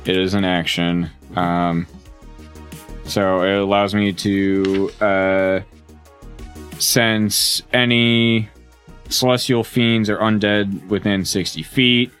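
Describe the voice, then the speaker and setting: A man playing a tabletop game, describing his character's actions with many pauses and fillers. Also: fairly low pitch, fairly even intonation, a bit bright, faint music behind. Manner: hesitant, full of fillers. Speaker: player. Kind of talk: casual tabletop play.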